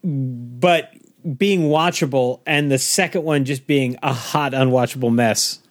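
A man's voice: medium pitch, measured pace. A man co-hosting a casual chat who gives blunt, emphatic opinions. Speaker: podcast co-host.

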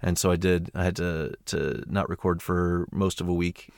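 An American man chatting casually on a podcast, his voice sitting on the low side. He rambles, stacking fillers and false starts as he thinks aloud. The sound is close and dry with no room around it. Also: steady tone, moderate pace, vocal fry, a little mellow, dry recording. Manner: rambling, lots of fillers and restarts. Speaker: audiobook narrator guest.

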